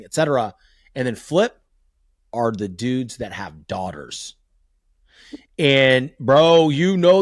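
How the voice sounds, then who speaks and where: Male podcast host, thirties, mid pitch, lively storyteller, dry close mic. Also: no echo. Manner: animated storyteller, swears freely. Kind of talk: casual conversational podcast.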